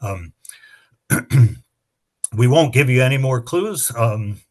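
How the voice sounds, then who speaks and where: A middle-aged man running a spelling bee, his voice sitting at an ordinary middle pitch. He explains the rules at length and reads out each word with a sample sentence. His manner is chatty and explanatory, with dry humor. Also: lively intonation, takes it slowly. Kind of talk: reading rules and practice words to teams.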